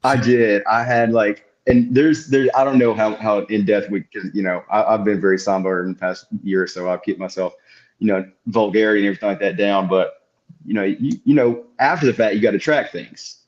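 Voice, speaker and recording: A young adult man on a podcast telling stories in an animated way and acting out what people said. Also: on the low side, fairly quick. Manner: animated storyteller, acts out quotes. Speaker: podcast co-host. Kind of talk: casual chat, storytelling. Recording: dull lo-fi audio.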